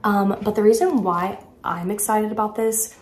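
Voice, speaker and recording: A chatty woman talks through her shopping finds in a relaxed, enthusiastic way, often pausing on "like" and "um". Her voice sits at an ordinary middle pitch. The room around her is echoey, with a faint hiss of noise underneath. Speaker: haul vlogger. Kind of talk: casual product haul chat.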